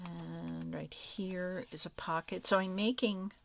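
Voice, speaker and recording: A woman casually showing her handmade paper crafts, talking softly and meandering as she thinks aloud. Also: fairly low pitch, fairly even intonation, slow pace, gravelly. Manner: soft, meandering, thinking aloud with many fillers. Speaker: craft vlogger. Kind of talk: casual crafting show-and-tell.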